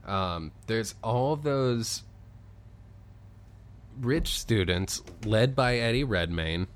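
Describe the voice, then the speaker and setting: A man's voice: lowish voice, expressive, extremely slow. A man co-hosting a casual chat, recapping a story in a jokey, rambling way. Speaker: podcast co-host.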